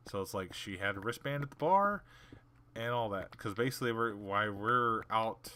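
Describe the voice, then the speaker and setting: A gaming channel host with a lowish, clean voice tells a story casually at a moderate pace while playing, animatedly acting out its characters with blunt sarcasm.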